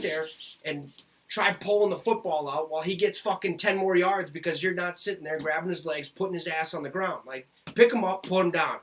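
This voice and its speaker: Podcast host, man in his twenties, from Minnesota, fairly high-pitched, delivering a heated, profane sports rant. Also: normal speed, fairly bright tone. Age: 20s. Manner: heated, profane, repeats points for emphasis. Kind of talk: ranting sports commentary.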